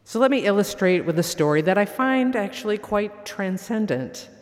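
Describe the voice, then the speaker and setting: A preacher giving a sermon and reading a story aloud in a slow, measured, reflective way. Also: mid-range voice, lively intonation. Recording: long hall reverb.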